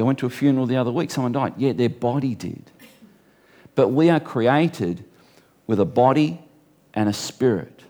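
A man's voice: mid-range voice, darkish tone. A middle-aged man, a pastor, preaching a sermon in a conversational way with wry asides and repeated key phrases.

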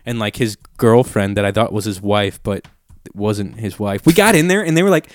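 A man's voice: lowish voice, brisk, a little hiss or hum. A young man telling a long story in a rambling, profane way, full of "like" and acted-out quotes. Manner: rambling, profane, heavy use of "like", acts out quotes. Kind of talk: casual storytelling chat.

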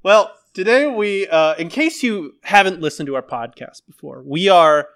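Comedy podcast co-host, man, slightly high pitch, dry mock-serious delivery. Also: lively intonation, moderate pace, fairly bright tone. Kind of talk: satirical comedy podcast banter.

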